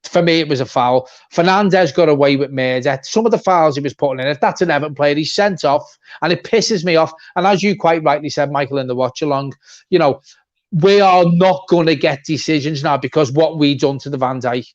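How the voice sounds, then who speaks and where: A man's voice: a little high, fairly quick. A man co-hosting a fan channel, giving a blunt, swearing, repetitive rant in a football reaction chat. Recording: dull lo-fi sound.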